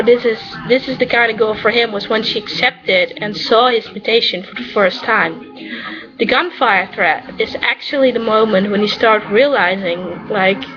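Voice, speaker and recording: A woman's voice: mid-range voice, dull audio. A woman from the Netherlands with a Dutch accent, chatting casually and rambling with lots of fillers as she answers viewer questions. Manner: chatty and rambling, many "you know" fillers. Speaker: vlogger answering questions about her character. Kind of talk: casual chat.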